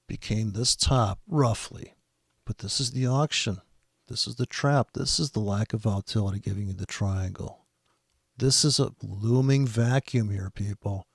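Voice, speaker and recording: Male trading commentator, gravelly, exasperated, sarcastic and profane. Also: fairly low pitch, no echo, studio quality. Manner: exasperated, sarcastic, heavy swearing. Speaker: trading commentator reacting to a video.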